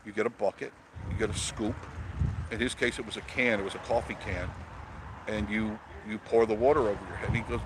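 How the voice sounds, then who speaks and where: A man's voice: lowish voice, fairly even intonation, quick pace. Rambling man chatting on a live stream. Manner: rambling storyteller, chuckles often. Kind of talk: casual live chat reading comments. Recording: audible background noise.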